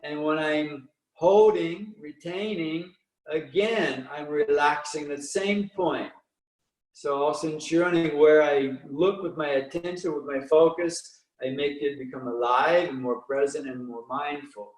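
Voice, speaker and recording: A man leading guided breathing and meditation exercises, counting breaths slowly and calmly with frequent restarts. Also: a little high, echoey room, far from the mic, low-quality recording.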